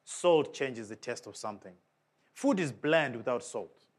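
A man's voice: animated, measured pace. A man preaching a sermon in an emphatic way, often putting questions to the congregation. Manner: emphatic, with big swings of pitch and volume.

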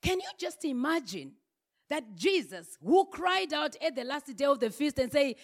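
A woman's voice: sits high, very animated, moderate pace. A woman preaching a sermon, building her points through emphatic repeated refrains.

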